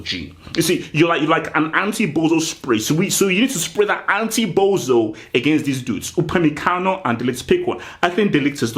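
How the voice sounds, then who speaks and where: A man hosts a football show and rants through a mock team talk, speaking straight to the players. His pitch swings wildly as he stretches words out for emphasis. His voice sits a little higher than most men's. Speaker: football channel host. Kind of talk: comedic football pep-talk rant.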